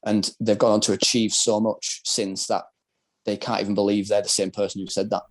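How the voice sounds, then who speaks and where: Brisk and lowish, with little pitch movement, this British man is a podcast guest who served as a soldier and now plays wheelchair rugby. He tells his story in a casual, candid, rambling way, full of filler words.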